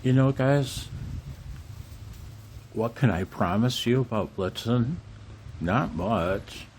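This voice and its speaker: An older man in an earnest, halting personal vlog, emotional, with rueful laughs between his words. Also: medium pitch, a little mellow, slight background noise. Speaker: amateur radio vlogger.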